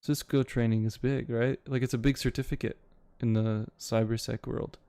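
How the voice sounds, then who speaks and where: A man's voice: medium pitch, fairly even intonation, normal speed, mellow, clean tone, no room sound, studio quality. A young man, chatting casually with his live-stream audience, rambling and swearing now and then. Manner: rambling, swears casually, reads chat aloud. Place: home, city with bootcamps he attended.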